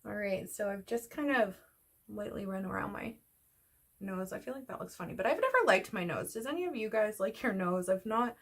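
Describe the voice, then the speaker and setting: Talking while she applies her makeup, this woman rambles on in a casual get-ready-with-me chat, a little out of breath. She's a beauty vlogger with a mid-range voice, lively intonation, and a slightly fast delivery.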